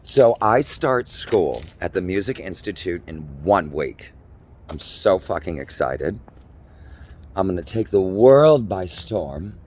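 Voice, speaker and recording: A low, darkish voice, very animated yet slow, belongs to a Minnesota vlogger in his forties. Walking city streets outdoors, he delivers an improvised comedy monologue that's campy, theatrical, and full of rambling jokes.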